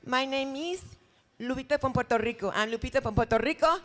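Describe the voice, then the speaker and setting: A woman's voice: fairly high pitch, lively intonation, brisk, sharp tone. A woman voicing a brassy female character who gives a showy stage greeting. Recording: long hall reverb.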